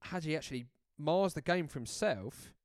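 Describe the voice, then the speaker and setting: A young man co-hosting a casual football podcast, animated and swearing freely. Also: on the high side, moderate pace, dry recording, studio quality. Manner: animated, swearing, lively banter. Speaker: podcast co-host.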